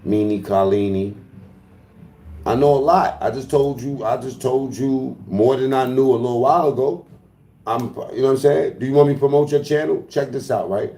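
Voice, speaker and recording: A man's voice: medium pitch, moderate pace, dark tone, reverberant. A man livestreaming in casual talk to his chat, taunting and profane as he trash-talks.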